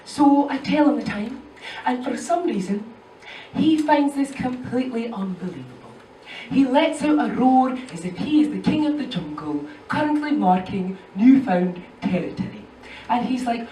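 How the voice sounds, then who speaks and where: A Scottish woman performing animated stand-up comedy on a club stage. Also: fairly high pitch, normal speed, a little hiss or hum. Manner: animated, storytelling. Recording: echoey club from far off.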